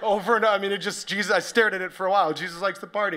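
High, bright-voiced preacher man. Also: very fast. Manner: energetic, joking, rising to shouted emphasis. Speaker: pastor. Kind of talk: sermon.

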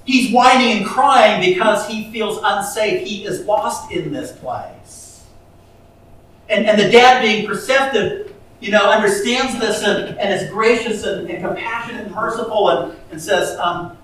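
A man's voice: high-pitched, measured pace, fairly bright tone, slight background noise. A man preaching a sermon, telling a story with many restarts and rising to emphatic peaks. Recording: echoey hall from far off.

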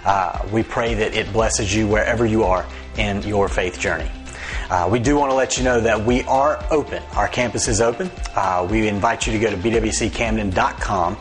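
Guy doing the church intro, kinda low voice, faint music under it. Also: moderate pace. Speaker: church announcer. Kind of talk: welcome announcement. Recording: soft music behind.

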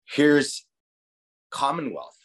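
A man's voice: mid-range voice, big pitch swings, drawn-out words, creaky. A man from Guam who runs a restaurant, telling his story in a loose, casual interview and swearing freely. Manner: loose, profane, heavy use of "like" and "you know". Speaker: restaurant owner and chef.

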